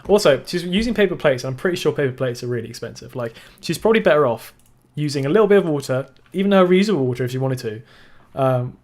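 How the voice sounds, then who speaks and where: A man's voice: medium pitch, expressive, fast, darkish tone. A man giving sarcastic, swearing reaction commentary, laughing often. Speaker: reaction video host.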